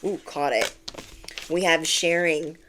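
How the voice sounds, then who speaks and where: A woman giving a chatty, animated tarot reading to camera, repeating key phrases to reassure. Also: low-pitched, slow pace, slight background noise. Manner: chatty and animated, acts out quoted voices. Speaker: tarot reader.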